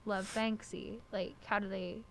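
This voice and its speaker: A woman's voice: medium pitch, little pitch movement, a little slow, fairly bright tone. Playful young woman podcast co-host. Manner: playful, teasing, giggly. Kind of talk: casual chat.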